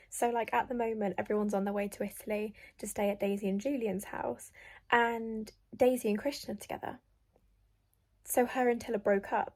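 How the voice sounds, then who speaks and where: A young woman, gushing excitedly and emotionally about the book she's reading in a casual vlog, recorded outdoors. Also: on the high side. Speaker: book vlogger. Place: outdoors at sunset.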